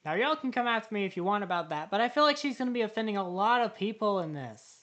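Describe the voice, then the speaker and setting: Animated indignant woman reacting to a clip. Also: medium pitch, fast talker. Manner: indignant, talks back to the clip. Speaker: reaction channel host. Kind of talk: casual reaction commentary.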